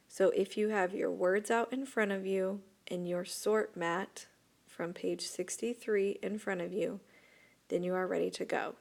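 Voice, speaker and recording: A woman's voice: mid-range voice, vocal fry, darkish tone. A woman teacher recording a video lesson, giving patient step-by-step instructions to her students. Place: voice-over for an interactive whiteboard video.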